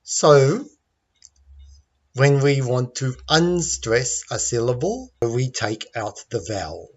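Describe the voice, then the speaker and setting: Slow, patient Australian man teaching. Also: medium pitch, lively intonation, dull audio. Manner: clear, patient, demonstrates sounds aloud. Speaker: English pronunciation teacher. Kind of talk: slow, deliberate teaching lesson.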